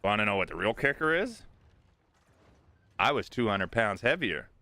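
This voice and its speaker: A man's voice: lowish voice, very animated, normal speed, sharp tone, no echo. Profane middle-aged man ranting on stream. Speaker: game streamer. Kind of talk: live gameplay stream, talking to chat.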